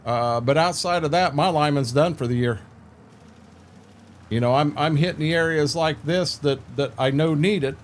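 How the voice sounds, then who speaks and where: A man's voice: on the high side, moderate pace, a little hiss or hum. An older man chatting casually with viewers while streaming a farming game, laid-back and rambling, repeating words and filling gaps with "uh".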